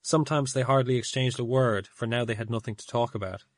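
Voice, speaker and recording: A man narrating an audiobook in a measured storytelling manner. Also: mid-range voice, fairly even intonation, no room sound. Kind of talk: audiobook reading.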